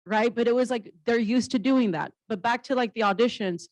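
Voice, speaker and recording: A woman's voice: a little high, fairly quick, a little mellow, no echo, low-quality recording. Blunt, humorous woman comedian, dry sound. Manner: blunt and humorous, swears casually. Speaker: comedian and actress on a panel. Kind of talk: candid conversational storytelling.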